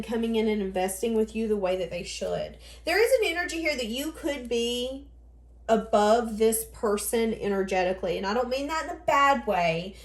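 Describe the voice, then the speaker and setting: A woman's voice: a little high, darkish tone. Woman tarot reader in an echoey room. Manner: rambling, thinking aloud, self-correcting. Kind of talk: casual tarot reading to camera.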